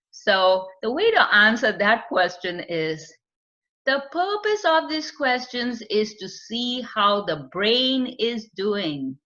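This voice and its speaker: A woman's voice: on the high side, sharp tone. A woman with a non-native accent, explaining a screening test in a training lecture with many fillers. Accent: non-native English. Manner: explanatory, with fillers and acted client quotes. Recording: dull lo-fi recording.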